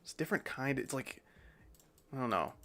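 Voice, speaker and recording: A gaming streamer talks over his play in a mid-range voice that is expressive, fairly quick and sharp in tone. He rambles casually and chattily, swearing here and there as he comments.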